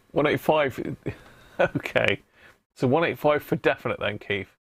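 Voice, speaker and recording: A man's voice: mid-range voice, animated, takes it slowly, slightly rough, no room sound, clean studio sound. A jovial man hosting a casual live stream, chatting and laughing with his viewers. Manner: jovial, laughing banter with chat. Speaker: live-stream host restoring a vintage radio.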